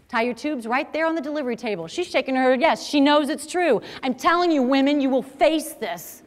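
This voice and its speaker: A woman's voice: high-pitched, fairly quick, hardly any pauses, big-room sound. A middle-aged woman giving an emphatic, preachy talk to a young audience, full of rhetorical questions. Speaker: speaker.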